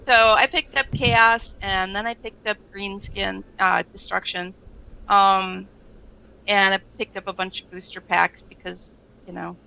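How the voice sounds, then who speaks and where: A woman's voice: medium pitch, fairly even intonation, measured pace, vocal fry, sharp tone, rough recording. A woman co-hosting a casual podcast chat, telling a rambling story full of fillers and laughs. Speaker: podcast co-host.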